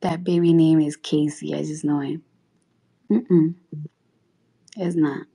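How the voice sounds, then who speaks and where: Gravelly New York woman ranting bluntly. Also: low voice, steady tone, slow, warm tone. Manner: heated, rambling with many restarts. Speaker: social media livestreamer. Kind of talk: casual livestream rant.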